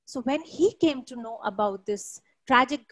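A woman storyteller telling a folktale in an unhurried, descriptive way, with hesitant fillers. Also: a little high, expressive, a bit bright, no room sound, rough recording.

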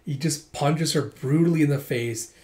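Brief: casual male comic reader, a bit high-pitched, chatty asides between panels. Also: moderate pace, dark tone. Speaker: manga reader.

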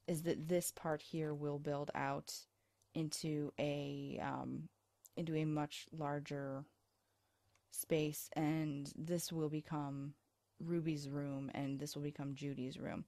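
A woman's voice: low voice, fairly even intonation, slow pace, dark tone, no room sound. A woman casually commenting on her life-sim gameplay, tired and chatty, rambling and self-deprecating, recorded on a USB microphone. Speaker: let's play host.

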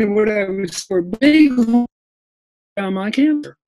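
A man in his sixties from Kentucky, giving an animated storytelling talk over a video call, laughing and acting out his own quotes. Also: sits high, normal speed, highs cut off. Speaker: presenter.

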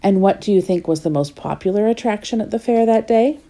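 Mellow-voiced woman reading a children's story. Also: medium pitch, a little fast. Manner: playful, asks the listener questions.

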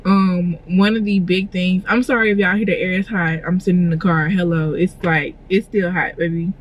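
A woman's voice: fairly low pitch, fairly even intonation, moderate pace, lo-fi sound. Chatty woman vlogging in her car. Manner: chatty, filler-heavy, emotional and gushing. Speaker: vlogger and clothing designer. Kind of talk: casual vlog chat. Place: inside a parked car.

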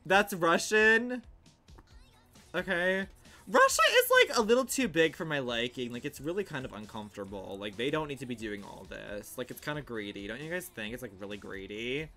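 A young man livestreaming and commenting casually on a game he is playing, in a sassy, theatrical way that swings into outraged shouts. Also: medium pitch, animated, moderate pace, faint music behind.

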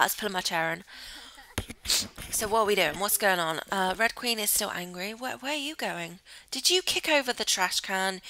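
A woman chatting excitably through Let's Play commentary, giggling often. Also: medium pitch, rough recording. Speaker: gamer host.

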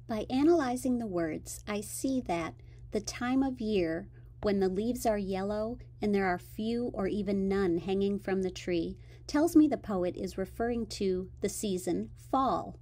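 A woman teacher narrating a scripted lesson in a clear, measured, explanatory way. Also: medium pitch, warm tone.

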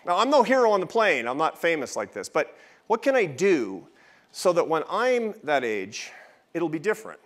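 A man in his fifties gives a conversational keynote at a festival, his voice sitting a little higher than most men's. He tells a personal story from the stage and drops in wry asides. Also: sing-song, normal speed, a bit bright. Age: 50s. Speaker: think-tank president giving a festival talk. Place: large event hall with an audience.

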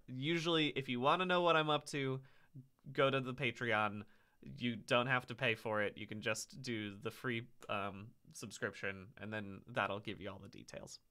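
Chatty male streamer, bright crisp voice. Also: mid-range voice. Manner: chatty and self-interrupting, mock-outraged. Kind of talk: casual stream sign-off chat.

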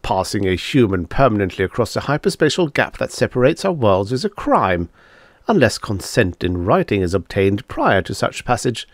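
A man playing a smooth, cold alien devil. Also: fairly low pitch, very animated, moderate pace, no echo. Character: suave smooth-talking male devil-like alien.

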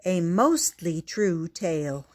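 An older woman reading a children's picture book aloud, gentle and deliberate, with little asides to the listener. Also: fairly low pitch, big pitch swings. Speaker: storyteller.

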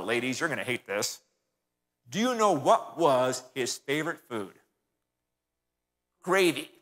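A man's voice: fairly high pitch, sharp tone. Folksy male speaker in an echoing church. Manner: folksy, keeps addressing the audience as folks. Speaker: guest speaker. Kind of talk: folksy sermon-style history talk. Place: church hall. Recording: reverberant church hall.

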